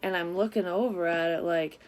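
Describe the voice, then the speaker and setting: A woman talks through a casual tarot reading vlog as a psychic reader. Her voice sits low for a woman. She tells her story candidly and swears freely. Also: fairly even intonation, a little fast, darkish tone.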